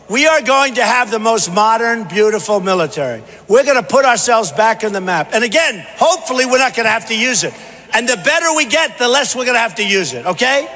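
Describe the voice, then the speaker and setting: A man's voice: extremely high pitch, pushed and bright. Man, political candidate, rally speech, boastful, repetitive, long echo of a big hall. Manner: boastful, repetitive, punchy delivery. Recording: reverberant hall, faint background noise.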